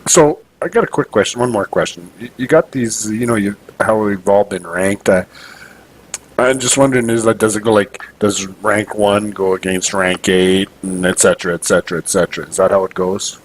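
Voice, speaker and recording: A man's voice: on the low side, normal speed, slight background noise, low-quality recording. A man playing his character in a tabletop game, speaking with wry politeness. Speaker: player.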